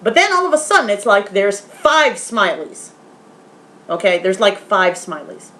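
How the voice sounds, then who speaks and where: Woman, casual vlog review, animated, swears a lot, retells scenes in quoted voices, pitch jumps around, soft asides to a pet. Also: measured pace. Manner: softly talks aside to a pet. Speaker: vlogger.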